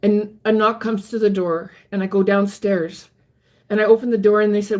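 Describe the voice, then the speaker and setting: Woman vlogger, earnest storyteller, halting delivery, mid-pitched voice. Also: fairly even intonation, darkish tone. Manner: halting, earnest, many restarts. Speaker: vlogger recounting her life. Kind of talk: personal storytelling.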